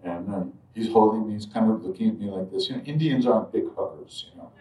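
A man telling a personal spiritual story in a reflective way, dropping to near-murmurs and then suddenly bursting loud as he acts out moments. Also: on the low side, fast. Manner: reflective, drifts quiet then jumps loud when acting out moments. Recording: roomy sound from a distant mic.

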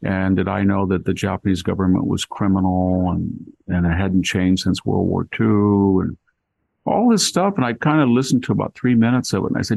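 An older man, a guest in a casual conversation, tells a rambling, wry story. His voice sits low and gravelly, and the sound is close and dry. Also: moderate pace, a little mellow, dry recording.

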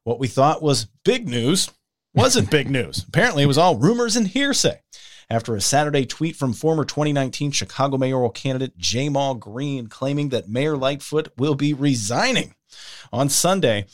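A man's voice: medium pitch, very animated, normal speed. A male podcast co-host recapping the week's news in a casual, wry way.

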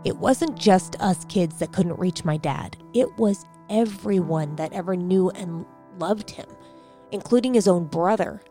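A woman's voice: lowish voice, measured pace, mellow, faint music behind. A woman giving personal interview testimony, earnest and emphatic, acting out what others said. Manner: earnest, emphatic, recounting with quoted dialogue. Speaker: interviewee, daughter recounting family events.

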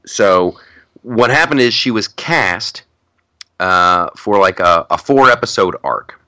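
Low-voiced guy rambling on his podcast, bright tone, dry close sound. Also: lively intonation, takes it slowly, no room sound. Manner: rambling, laughs a lot, many restarts. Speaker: podcast host. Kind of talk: casual chat.

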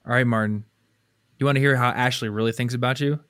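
A man's voice: mid-range voice, fairly even intonation, fairly quick, fairly bright tone, clean tone, dry recording, studio quality. A man co-hosting a podcast in casual chat, teasing and playful. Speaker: podcast co-host.

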